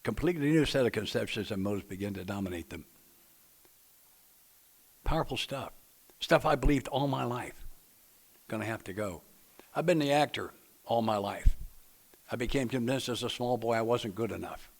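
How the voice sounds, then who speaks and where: Man, plainspoken, folksy, joking with a group, medium pitch. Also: moderate pace, pauses often. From Nashville, Tennessee. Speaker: recovery meeting speaker leading a book study. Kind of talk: speaker-meeting talk to a group.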